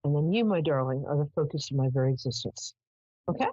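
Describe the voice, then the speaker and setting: Low, lively-voiced woman psychic host. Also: quick pace, slightly rough, no room sound, muffled recording. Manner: chatty, animated, lots of "um"s and laughs. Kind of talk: live call-in show, storytelling.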